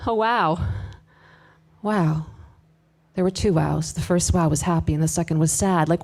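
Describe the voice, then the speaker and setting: A woman performing a live spoken word piece, confessional and wry, moving between hushed asides and emphatic bursts with sharp swearing. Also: on the low side, steady tone, fairly quick. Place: live event space with audience.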